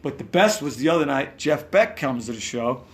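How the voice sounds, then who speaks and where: A man's voice: medium pitch, lively intonation, normal speed. A man with a New York accent tells rambling backstage stories in a casual interview, acting out quotes and swearing now and then. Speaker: musician guest. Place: hotel room.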